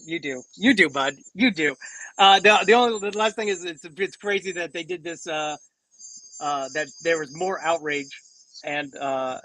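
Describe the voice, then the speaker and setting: A man's voice: fairly high pitch, moderate pace, bright, forceful tone, rough recording. A man co-hosting a casual podcast, rambling with many restarts and fillers. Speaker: co-host.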